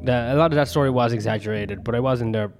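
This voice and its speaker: A man's voice: mid-range voice, fast, darkish tone. A young man talks alone on his podcast, rambling from one thought to the next with plenty of swearing and self-mockery. Faint music plays behind him. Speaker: podcast host and comedian. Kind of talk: solo rambling podcast monologue.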